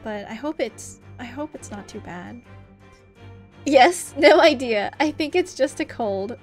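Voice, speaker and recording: This young VTuber chats casually during gameplay, reading the game's dialogue aloud and giggling. Her voice sits high and sounds expressive, and she speaks a little slowly. Soft music plays behind her.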